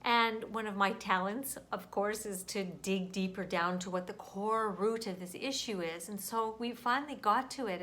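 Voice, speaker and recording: Gentle woman sharing a spiritual message. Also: medium pitch, moderate pace, hardly any pauses. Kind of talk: earnest inspirational vlog talk.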